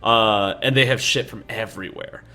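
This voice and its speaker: A man's voice: fairly low pitch, normal speed, sharp tone. A man running a tabletop game as dungeon master, narrating casually with lots of fillers and offhand swearing. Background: faint game soundtrack.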